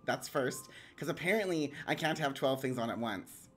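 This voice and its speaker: A woman hosting a live stream, excitable and bubbly, rambling casually and giggling often. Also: very deep voice, normal speed, soft background music. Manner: rambling, lots of "like" fillers. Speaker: streamer hosting a round table.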